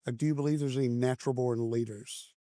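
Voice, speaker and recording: A man hosting a casual podcast interview at a conference, mid-pitched and upbeat. He encourages his guest and asks quick follow-up questions. The sound is dry and close, with almost no room echo. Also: fairly even intonation, dark tone. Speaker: podcast host. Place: conference venue.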